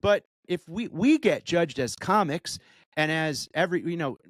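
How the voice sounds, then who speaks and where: A man's voice: on the high side, lively intonation, moderate pace, no echo. A male stand-up comedian co-hosting a podcast, chatting casually with emphatic, profane riffs. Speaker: podcast co-host.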